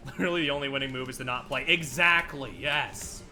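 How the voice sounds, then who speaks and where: A man's voice: on the high side, normal speed, pushed and bright. A man streaming a video game, ranting casually with lots of laughter and swearing. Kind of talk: casual gameplay stream commentary.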